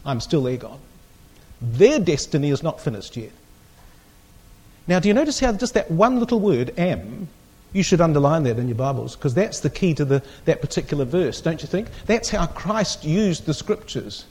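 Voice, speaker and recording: A man's voice: on the high side, sing-song, normal speed, darkish tone, husky. A man teaching a Bible class, reading scripture aloud with strong emphasis and putting questions to the group.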